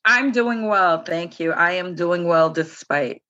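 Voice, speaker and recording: A woman's voice: lowish voice, slow pace, sharp tone. A woman who is a public relations director, answering interview questions in an agreeable, emphatic way, heard over a dull lo-fi remote line.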